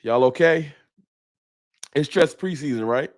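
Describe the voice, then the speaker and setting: A man with a fairly high voice, speaking a little slowly, hosts a live stream. He's casual and laughing, greets viewers by name, and sounds stuffed up from a cold.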